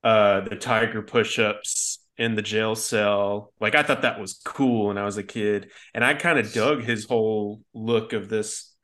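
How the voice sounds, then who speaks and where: A man's voice: on the low side, steady tone, measured pace, few pauses, a bit bright. A man co-hosting a film podcast in casual chat, easygoing and rambling as he works through his thoughts. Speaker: podcast co-host.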